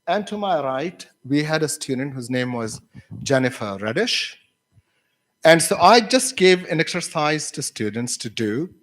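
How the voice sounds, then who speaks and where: A man's voice: on the high side, big pitch swings, a little slow. A man lecturing university teachers, telling classroom stories with many fillers and restarts and acting out his students' voices. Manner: acts out students' voices when quoting.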